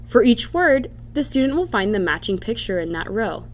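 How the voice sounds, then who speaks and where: A woman's voice: on the high side, sing-song, slight background noise. Woman narrating a reading lesson. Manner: slow, careful demonstration of word sounds. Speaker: instructor. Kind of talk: scripted instructional narration.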